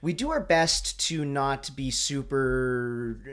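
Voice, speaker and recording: A man hosting a film podcast, speaking in a relaxed way and addressing listeners directly. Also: mid-range voice, slow pace, smooth. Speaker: podcast host. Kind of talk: casual film podcast chat.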